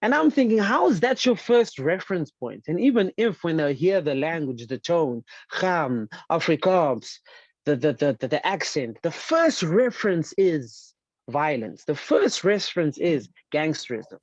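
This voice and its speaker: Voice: medium pitch, very animated, a little slow, no echo, muffled recording. An earnest panelist speaks in a panel discussion, often repeating words while searching for the next thought.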